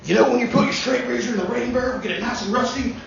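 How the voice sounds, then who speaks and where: Guy putting on a grumpy rambling old president voice, pitched way up, echoey dull room sound. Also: quick pace, vocal fry, recorded from a distance, a little hiss or hum. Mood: cranky. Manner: folksy, rambling, quarrelsome. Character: cranky old male president, rambling and gruff.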